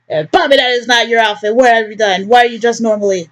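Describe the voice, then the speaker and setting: A chatty woman giving casual commentary as she plays a story game, tossing in jokes and loose asides. Her voice sits a little high for a woman. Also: fast talker, hardly any pauses. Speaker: gaming video host. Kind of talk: casual let's play commentary.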